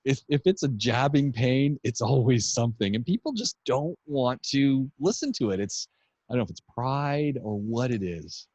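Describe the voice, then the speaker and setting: A man hosting a podcast, telling relaxed, rambling anecdotes in casual chat. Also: medium pitch, moderate pace, no room sound. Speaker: podcast host. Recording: dull dry podcast audio.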